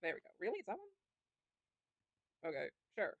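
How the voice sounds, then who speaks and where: A woman's voice: on the low side, wildly swooping pitch, a little fast, vocal fry, no room sound, dull audio. A woman streamer chatting casually and thinking aloud while playing a game. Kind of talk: casual let's-play commentary.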